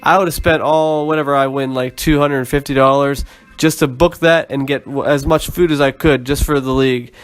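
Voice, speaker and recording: A man with a middling voice from around Pittsburgh, chatting casually on a fantasy football podcast. He rambles in an easygoing way, pausing on ums and restarting his sentences. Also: medium pitch, steady tone, faint music behind. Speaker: podcast co-host.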